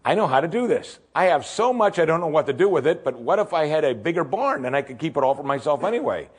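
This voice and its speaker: A man voicing a greedy rich man who is giddy and boastful about his wealth, in a husky voice. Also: fast talker. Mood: gloating. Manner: excited, boastful, pitched up.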